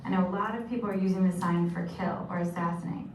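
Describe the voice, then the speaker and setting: A woman with a fairly low, steady, slightly mellow voice teaches sign language vocabulary at a quick pace, patiently saying each term and then repeating it. The instructional explanation was recorded from a distance in an echoey, noisy room.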